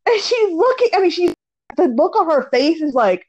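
High-pitched woman laughing through a story. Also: normal speed, lo-fi sound. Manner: laughs a lot, animated retelling with pitch jumps. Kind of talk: casual storytelling chat.

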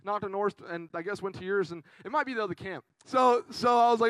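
A young man preaching to a youth group, telling a funny story in an animated, chatty way with lots of "right?". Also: a little high, fast talker, dry recording, low-quality recording. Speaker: youth pastor. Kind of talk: casual storytelling sermon.

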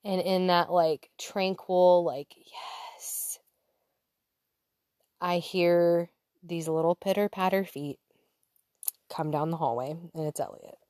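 Mom in her 30s telling a faith story, lowish voice, chatty and candid, laughs a lot, dry close sound. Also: steady tone, measured pace, dry recording. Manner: chatty and candid, laughs easily, drops to soft whispers when reliving thoughts. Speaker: Christian mother sharing a faith story. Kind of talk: casual personal testimony to an audience.

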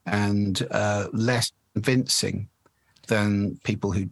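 A man with a lowish, slightly husky voice talks about how people speak, measured and articulate. He sounds like an expert guest in an interview. The recording is close and dry, with no room around him. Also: fairly even intonation, no echo. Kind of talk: conversational interview explanation.

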